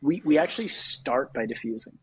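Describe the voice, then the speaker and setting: A man's voice: mid-range voice, a little fast, slightly rough, rough recording. A young Canadian man, a sales leader, talking energetically in a casual podcast interview and acting out lines from call scripts. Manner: energetic, laughs often, acts out call scripts. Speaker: sales executive guest.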